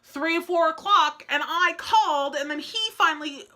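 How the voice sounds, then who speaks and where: A woman vlogger recounts her week in a loose, chatty ramble, leaning on fillers as she goes. Her voice sits bright and a touch forward, and she slips into the voices of the people she quotes. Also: very high-pitched, normal speed. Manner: acts out conversations in quoted voices. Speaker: family vlogger. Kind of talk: casual storytelling to camera.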